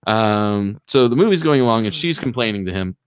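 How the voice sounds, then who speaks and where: A man with a fairly low voice chats loosely as a podcast host, retelling a strange movie scene by scene. He rambles with fillers and slips into short voices for the characters. The sound is dry and close. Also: lively intonation, fairly quick, smooth, no room sound. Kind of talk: casual chat, retelling a movie plot.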